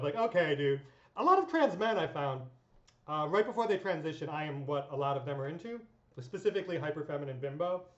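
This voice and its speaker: Rambling woman with a bit of echo. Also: low voice. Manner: rambling, filler-heavy, swears freely, laughs often. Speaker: vlogger. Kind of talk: casual storytelling monologue. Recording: echoey dull room sound.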